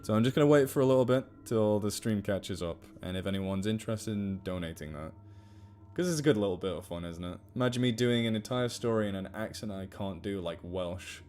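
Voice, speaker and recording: A man's voice: on the low side, expressive, brisk, warm tone, slight background noise. A man chatting casually on a live stream, giggly and rambling.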